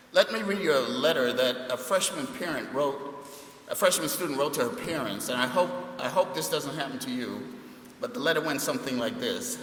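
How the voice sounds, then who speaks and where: A man's voice: on the high side, bright, forceful tone, a little hiss or hum. A middle-aged man, a university administrator, giving a welcome speech with jokey stories in a large chapel. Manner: jokey storytelling. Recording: echoey chapel hall.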